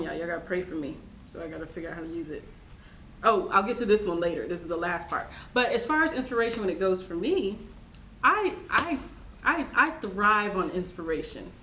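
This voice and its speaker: A woman chats away as a co-host. Her talk runs on and jumps into excited high exclamations. The room around her is roomy and echoing, with a faint hiss underneath. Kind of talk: casual chat.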